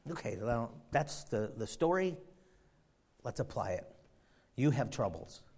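A man preaching a sermon, swinging from quiet, slow reflection to loud, climbing exhortation, often repeating words as he builds. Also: mid-range voice, animated, slightly rough. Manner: repeats and restarts phrases while building intensity.

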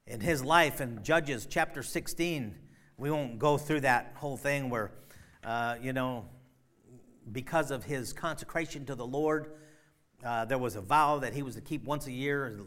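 Conversational male preacher with emphatic bursts. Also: medium pitch. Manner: storytelling with sudden loud emphatic bursts; frequent fillers and restarts, conversational. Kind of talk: sermon.

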